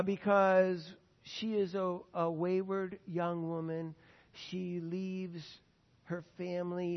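A man preaching a sermon as a pastor, telling anecdotes in a conversational way and acting out quoted voices. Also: sits high. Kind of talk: sermon with storytelling. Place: church sanctuary. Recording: muffled church recording with long reverb.

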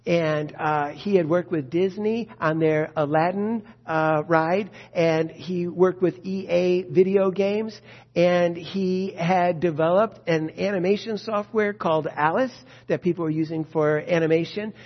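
A man preaching an Easter sermon as a pastor, telling a story and then leading a quiet, earnest prayer. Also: high-pitched, steady tone, unhurried, in a large hall. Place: church sanctuary. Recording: dull lo-fi sound.

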